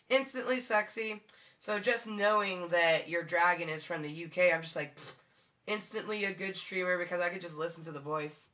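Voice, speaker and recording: A woman streamer chatting casually with her viewers, with a low-toned voice, rambling through fillers, swearing and giggling. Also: bright, forceful tone. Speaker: live streamer.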